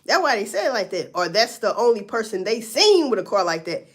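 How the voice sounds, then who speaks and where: A woman's voice: medium pitch, very animated, a little fast. A woman doing casual livestream commentary, blunt and profane as she talks through a story. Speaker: livestream host.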